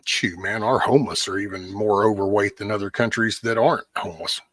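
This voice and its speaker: A man's voice: fairly low pitch, steady tone, a little fast, a bit bright, dry recording. A man hosting a casual livestream, ranting bluntly with lots of swearing and answering viewers' chat by name. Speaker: livestream host.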